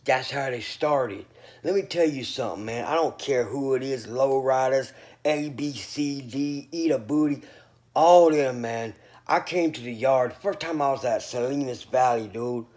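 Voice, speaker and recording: A man from North Carolina holds forth in a loose, rambling monologue to his viewers. His voice sits at an ordinary male pitch. He is boastful and full of street slang, and he sounds a bit sleepy. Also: measured pace, a little mellow. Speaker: vlogger. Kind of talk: casual monologue to camera.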